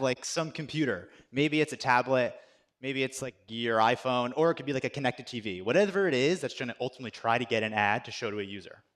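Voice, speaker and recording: A young man, a software engineer, giving a casual, chatty conference presentation with lots of "like" and self-deprecating asides. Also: medium pitch. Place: conference stage.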